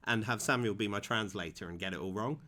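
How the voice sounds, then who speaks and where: A young Englishman with a lowish voice, co-hosting a casual podcast. He drops dry, understated quips between longer, easygoing explanations. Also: fast, pushed and bright. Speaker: podcast co-host. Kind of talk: casual chat.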